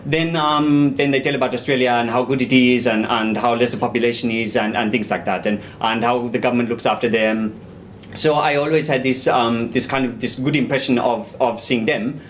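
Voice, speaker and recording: A man's voice: medium pitch, steady tone, fairly quick, a little hiss or hum, close to an everyday voice. An actor playing a reminiscing man from India, rambling with many ums and restarts on a small live stage. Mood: nostalgic. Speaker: stage actor in verbatim theatre.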